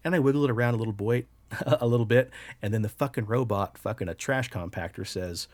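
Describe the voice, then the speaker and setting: A podcast host telling a story casually in a relaxed, animated way, with swearing throughout. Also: male voice, mid-range voice, a little fast, no echo.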